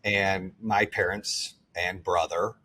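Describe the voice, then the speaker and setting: A man's voice: low voice, fairly even intonation, slow pace, bright, forceful tone. A man hosting a podcast, chatting casually and earnestly with frequent restarts. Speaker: podcast host. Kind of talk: casual interview chat.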